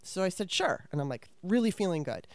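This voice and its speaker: Speaking quickly and with great animation, this middle-aged woman has a lowish, mellow voice recorded with no room sound. A former actress, she recounts her career candidly, pokes fun at herself and swears freely as she chats.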